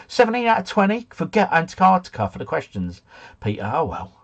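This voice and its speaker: A man's voice: on the high side, big pitch swings, normal speed, husky, muffled recording. A man hosting a casual live quiz stream, chatting and joking as he reads out answers and viewer scores. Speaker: quiz host.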